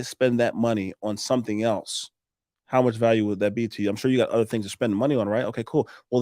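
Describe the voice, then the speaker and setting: A man's voice: mid-range voice, darkish tone, no room sound, studio quality. A man, a roofing contractor telling sales stories in a casual interview, acting out both sides of conversations and swearing freely.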